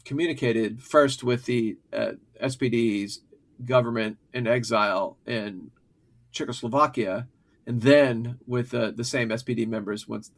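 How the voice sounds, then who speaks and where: A man co-hosting a history podcast, reading passages from an article aloud and then breaking off into loose commentary full of fillers and restarts. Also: medium pitch. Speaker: podcast co-host.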